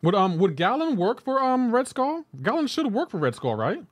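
A man's voice: very high voice, very animated, moderate pace, dry recording. A man live-streaming a game, chatting loosely with his viewers and filling his talk with "like". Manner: loose, chatty, talks back to viewers, lots of "like". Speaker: gaming livestreamer. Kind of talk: casual live-stream chat while playing.

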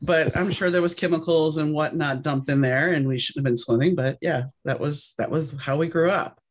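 A woman's voice: low voice, moderate pace. A woman from New Orleans with a New Orleans accent, hosting a podcast and chatting casually, telling stories and acting out what people said. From New Orleans, USA. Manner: animated storyteller, acts out quoted voices. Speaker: podcast host. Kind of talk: casual conversation.

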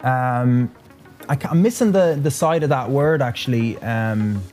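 A man's voice: medium pitch, a little slow, a little mellow, faint music behind. A man hosting a casual live stream, chatting with guests and addressing the chat in a self-deprecating way. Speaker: host.

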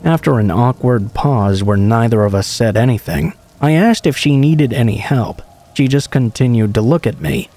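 A man reading true scary stories aloud in a calm, steady first-person narration. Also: medium pitch, moderate pace. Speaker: horror story narrator.

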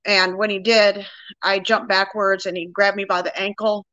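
A woman's voice: mid-range voice, little pitch movement, moderate pace, a bit bright, dry recording, dull audio. A woman in her sixties, a guest plainly recounting her own experience in a casual interview.

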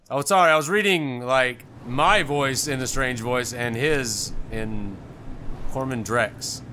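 Give me a man doing rambling, excitable gameplay commentary who swears at his own mistakes. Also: medium pitch, takes it slowly, a little hiss or hum. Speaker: gaming channel host. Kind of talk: let's play gameplay commentary.

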